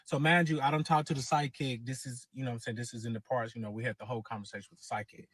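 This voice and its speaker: A man spins a personal story for his channel in loose, casual talk. He swears freely, circles back and repeats himself, and his voice sits in an ordinary middle pitch. The sound is dry, with no room around it. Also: fairly even intonation, rapid-fire, fairly bright tone, no echo. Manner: profane, rambling, repeats himself. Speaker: host.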